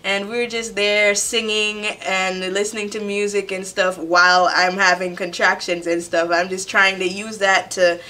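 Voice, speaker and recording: A young woman originally from Jamaica, casually telling a personal story to her camera in a chatty, animated way. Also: medium pitch, moderate pace, hardly any pauses. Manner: chatty, animated retelling with quoted voices. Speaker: vlogger. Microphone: camera mic.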